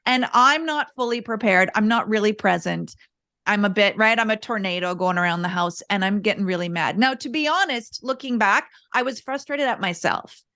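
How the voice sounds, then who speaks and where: A woman guest on a podcast, a parenting coach telling candid, animated stories in casual interview chat. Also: mid-range voice, fairly quick. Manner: earnest, animated, candid storytelling.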